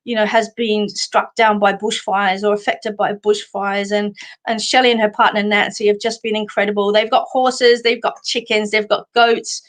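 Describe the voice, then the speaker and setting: With a mid-range voice that barely shifts in pitch, an Australian woman hosts psychic card readings on a live stream at a normal speed. She's a warm, chatty medium who uses many fillers and calls people sweetheart.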